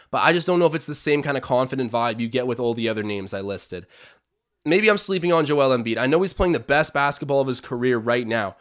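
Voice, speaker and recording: A man's voice: mid-range voice, a bit bright. A young man hosting a live-stream watch-along, chatting opinions, calling plays and reading out viewer comments.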